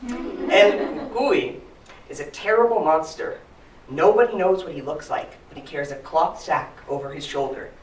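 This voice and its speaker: A man playing a patient mother at her son's bedside, delivering a quiet, hushed warning. His voice stays lively in pitch and carries from a distance through a roomy, echoing hall. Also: normal speed, slight background noise, close to an everyday voice. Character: patient mother scaring her son to bed. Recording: roomy hall, mic from far off.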